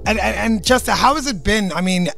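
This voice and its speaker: A man's voice: high voice, brisk, gravelly, fairly bright tone, faint music behind. A radio host in his studio, laughing and trying to steer the chat with his guests. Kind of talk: radio show hosting.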